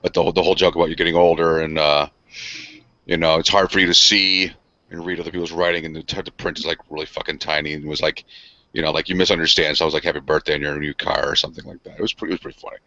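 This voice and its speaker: A man's voice: a bass voice, flat delivery, very fast, pushed and bright, dry recording, highs cut off. A man in his forties co-hosting a casual podcast chat, rambling and profane with a self-mocking humor. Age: 40s. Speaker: podcast co-host.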